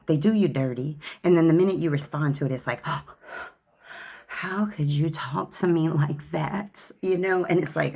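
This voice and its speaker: A woman's voice: low-pitched, darkish tone, slightly rough. A woman giving a tarot card reading in a sassy, chatty way, calling the listener honey and child. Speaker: tarot reader.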